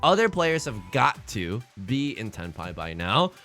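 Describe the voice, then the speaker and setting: A man giving live mahjong commentary to his chat, theatrical and quick to swing between mock outrage and laughter. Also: medium pitch, big pitch swings, bright, forceful tone, faint music behind. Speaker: mahjong streamer.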